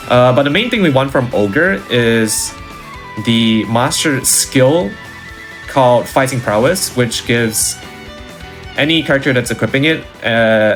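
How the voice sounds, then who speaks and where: A low-voiced man talks through a game speedrun in a relaxed, explanatory tone. Faint music runs under his voice. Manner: explanatory, easygoing. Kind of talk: casual gameplay commentary.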